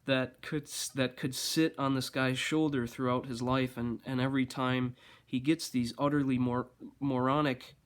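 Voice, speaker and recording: A man speaks at an ordinary middle pitch in a loose, rambling monologue. He talks with dry sarcasm and mock-grand formality, often stopping and restarting his sentences. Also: little pitch movement, moderate pace.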